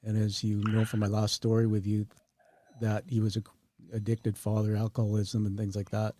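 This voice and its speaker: A man's voice: lowish voice, completely flat delivery, fairly quick, mellow. A man hosting an interview, earnestly sharing a personal story with his guest. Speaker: podcast host. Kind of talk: emotional interview conversation.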